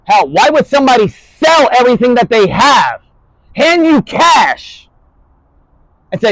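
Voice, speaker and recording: A man talking in a rambling spoken-word monologue, jumping between topics and swearing, his voice rising and falling in loudness. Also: extremely high pitch, sing-song, a little slow, long pauses, dry recording, poor audio.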